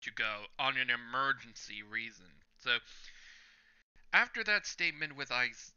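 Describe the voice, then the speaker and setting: A man's voice: medium pitch, very animated, a little slow, clean tone, muffled recording. A man hosting a reaction channel, reading a manga chapter aloud panel by panel with his own commentary and chuckling at the jokes. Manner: narrates panel by panel, reading lines out loud.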